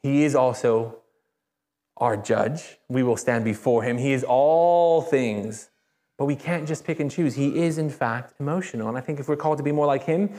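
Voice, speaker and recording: A man preaching a sermon as a pastor, speaking conversationally and emphatically, with repeated phrases and animated rises. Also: medium pitch, normal speed. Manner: animated, rises sharply when excited. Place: church.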